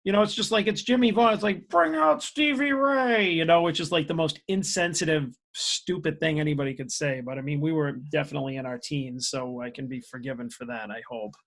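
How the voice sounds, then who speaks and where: A man's voice: a little high, steady tone, fast, hardly any pauses. A man co-hosting a podcast in casual chat. He jokes and mocks himself, and laughs a lot. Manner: joking, self-mocking, laughs a lot. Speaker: podcast co-host.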